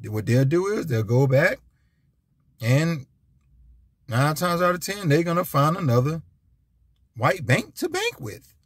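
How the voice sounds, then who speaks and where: A man's voice: a little high, sing-song, unhurried, pauses often, husky, dry recording. A man giving an emphatic, repetitive, preachy monologue as a vlogger. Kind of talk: casual ranting monologue.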